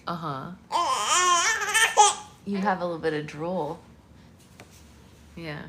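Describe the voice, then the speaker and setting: A woman hosting a livestream book club, reading a novel aloud and cooing softly to a baby between passages. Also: sits low, steady tone, takes it slowly. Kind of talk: casual livestream read-aloud and chat. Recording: loud background noise.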